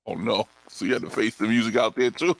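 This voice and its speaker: A man co-hosting a podcast who talks through ideas in a thoughtful, relaxed way and laughs along. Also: on the low side, fast, vocal fry, no echo. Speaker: podcast co-host. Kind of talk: casual reflective chat.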